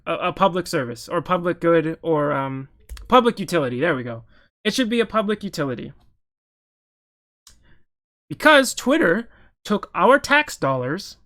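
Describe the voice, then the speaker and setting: A man's voice: high-pitched, pushed and bright. A man giving casual political commentary while reacting to news articles, opinionated and heated, often restarting his sentences mid-thought.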